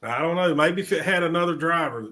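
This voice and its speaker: Male co-host, deadpan joker, slightly raised pitch. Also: quick pace. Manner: dry deadpan jokes. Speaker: podcast co-host. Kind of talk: casual chat.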